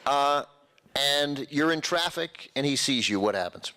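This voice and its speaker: A man hosting a stage Q&A in a bright, forceful voice. He talks in a chatty way and laughs along with his guest. He prompts the stories with casual setups. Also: on the high side, expressive, a little slow, clear, resonant tone. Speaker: interviewer and host. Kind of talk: on-stage Q&A interview. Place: festival stage before an audience.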